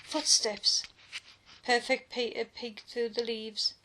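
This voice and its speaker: A woman reading a children's storybook aloud in an expressive narrating voice. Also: on the high side, a little slow, slight background noise.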